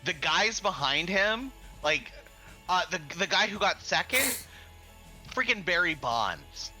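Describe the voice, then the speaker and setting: An American man co-hosting a casual podcast, animated and self-deprecating, reeling off sports stats. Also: high-pitched, slow pace, faint music behind, low-quality recording. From United States. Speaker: podcast co-host. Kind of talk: casual chat.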